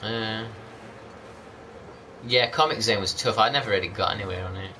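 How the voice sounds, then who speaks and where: Rambling man with a forceful voice. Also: on the low side, moderate pace, a little hiss or hum. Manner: rambling, chatty, greets viewers by name. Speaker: gaming channel host. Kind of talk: casual gameplay commentary.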